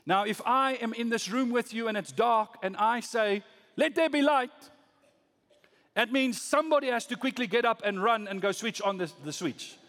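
A pastor preaching a sermon, swinging from loud rising emphasis to low, soft lines. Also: male voice, fairly quick, hardly any pauses, in a large hall.

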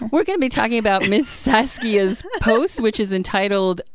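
A woman's voice: on the high side, unhurried. A woman co-hosting a podcast, teasing the others, laughing easily and reading listener posts aloud. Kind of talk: casual podcast chat.

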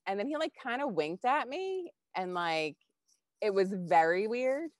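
A woman co-hosting a podcast, telling a personal story in casual, animated chat and swearing freely. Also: medium pitch, measured pace, no echo. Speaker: podcast co-host.

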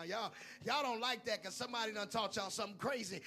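High, gravelly preacher man shouting a sermon. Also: fast, few pauses. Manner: swings from quiet asides to shouted preaching, playful.

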